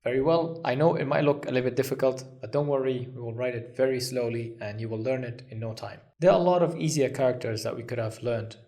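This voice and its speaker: A man's voice: medium pitch, steady tone, fast, hardly any pauses, dark tone. A man teaching a language lesson, patient and reassuring, counting strokes aloud as he writes. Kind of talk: step-by-step lesson.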